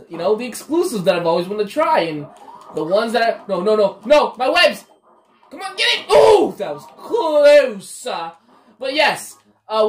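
A woman gamer giving casual, excitable commentary while playing, swearing and talking to her viewers. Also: a little high. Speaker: let's play gamer. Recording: roomy echo, faint game music. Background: faint game music.

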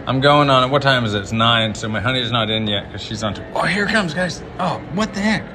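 A man's voice: mid-range voice, lively intonation, fairly quick, noisy background. A man rambling and joking to his viewers as he walks through a large hotel on a live stream, filmed on a handheld phone. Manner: chatty, rambling, jokey, talking to viewers. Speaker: livestreamer exploring a hotel. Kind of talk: live-stream walking commentary.

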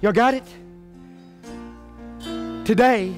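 A male pastor preaching a sermon, swinging between quiet talk and loud shouted climaxes. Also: high voice, lively intonation, unhurried, long pauses, faint music behind.

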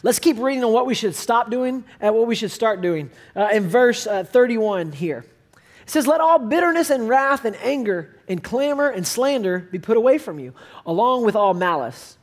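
A young male pastor delivers a sermon in a relaxed, conversational storytelling manner. He moves between reading scripture aloud and recounting personal experiences, building intensity as he goes. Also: extremely high pitch, moderate pace.

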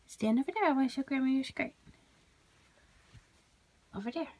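A woman's voice: high voice, normal speed, a little mellow. A woman filming a small child at home, coaxing her in a sing-song voice. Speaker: family member filming a toddler.

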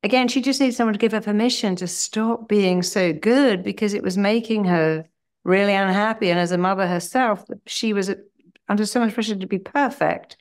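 Lively middle-aged woman telling client stories. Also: medium pitch, normal speed. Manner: animated anecdotes, lively acted-out quotes. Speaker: hypnotherapist. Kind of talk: conversational storytelling.

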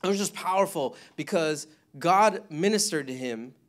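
A man's voice: on the high side, expressive, moderate pace. Rambling, laughing man giving a church testimony. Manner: rambling, laughing often, many restarts. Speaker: mission trip member giving testimony. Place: church service.

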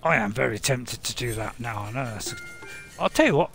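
A man's voice: medium pitch, expressive, brisk, creaky. A man giving casual, jokey commentary on his own gameplay, talking to himself and cheering on his units. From Britain. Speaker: gaming video host. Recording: game music behind the voice. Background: game music.

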